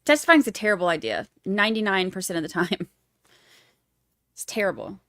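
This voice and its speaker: Woman, livestream host, casual chat, snarky, laughs often, mid-pitched, dry close mic. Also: very animated, brisk, fairly bright tone, dry recording. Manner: snarky, chatty, laughs easily.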